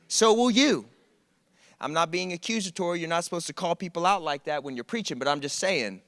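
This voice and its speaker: Bright-voiced preacher man. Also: fairly high pitch, brisk, dry recording, studio quality. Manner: animated, conversational storytelling with humor. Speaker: preacher at a college ministry. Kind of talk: sermon. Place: church service.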